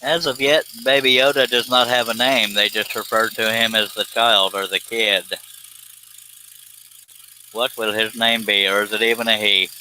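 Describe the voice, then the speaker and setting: A man's voice: fairly low pitch, little pitch movement, normal speed, pushed and bright, slight background noise, rough recording. A man hosting a casual live stream, talking in a folksy, self-amused way and chuckling often.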